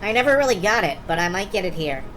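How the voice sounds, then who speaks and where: A woman's voice: medium pitch, very animated, fast, a bit bright, faint music behind. A woman streamer giving casual live commentary while playing a game demo, wry and enthusiastic, swearing freely and thinking aloud.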